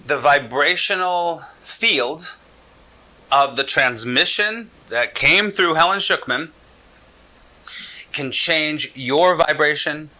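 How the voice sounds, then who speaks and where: A man teaching about a spiritual text, speaking earnestly with slow, deliberate emphasis. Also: a little high, low-quality recording. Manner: soft, drawn-out reading aloud.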